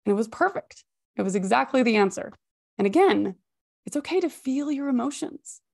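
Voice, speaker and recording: A woman hosting a healthy-habits podcast, giving expressive, high-energy motivational advice with emphatic repetition. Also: moderate pace, vocal fry. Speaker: podcast host and habits coach. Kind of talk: motivational self-help talk.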